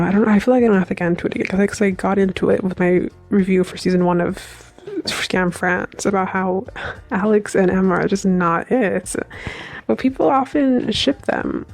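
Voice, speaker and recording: A woman's voice: mid-range voice, creaky, a little mellow. A young woman vlogger giving a chatty, opinionated review of a TV episode, rambling with fillers. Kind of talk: casual reaction review.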